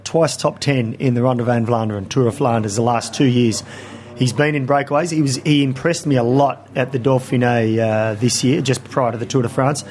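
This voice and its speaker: A man with an Australian accent chats casually about racing. His voice sits at a middle pitch, and he talks in an enthusiastic, joking way. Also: steady tone, moderate pace, darkish tone. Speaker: cycling pundit. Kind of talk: casual chat.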